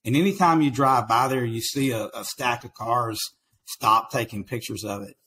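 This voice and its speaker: Relaxed male guest with an East Texas accent, faint noise. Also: medium pitch, moderate pace, rough recording. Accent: East Texas country. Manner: laid-back, says "man" a lot. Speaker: podcast guest, business owner. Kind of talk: casual interview chat.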